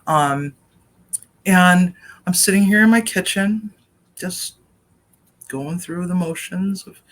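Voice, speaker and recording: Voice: medium pitch, fairly bright tone. Home cook vlogger, rambling story, kitchen, laptop webcam sound, casual update. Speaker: chef and cooking vlogger. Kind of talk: casual personal update vlog.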